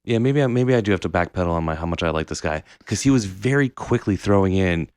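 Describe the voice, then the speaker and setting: A man co-hosting a podcast, ranting in casual, profane, animated chat. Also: low voice, fast, dry recording, studio quality. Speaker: podcast co-host.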